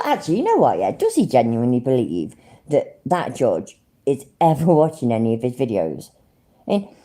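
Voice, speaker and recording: British woman streamer, low mellow voice that swings widely, sarcastic and profane. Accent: British English. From Britain. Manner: sarcastic, sweary ranting. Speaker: livestream host. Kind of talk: live commentary reacting to clips.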